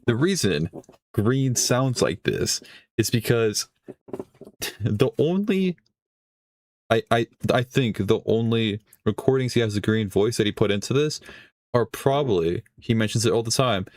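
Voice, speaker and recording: Reacting to a video on his stream, this man speaks in an expressive, unhurried, medium-pitched voice with no echo. His commentary is casual and meandering, full of swearing and laughter that breaks into his sentences.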